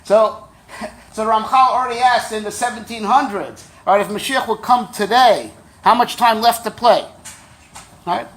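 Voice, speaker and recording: A rabbi teaches a Torah class in a high, fairly bright voice at a moderate pace. He's conversational and wry, tossing in joking asides and repeatedly checking in with his listeners by asking "right?"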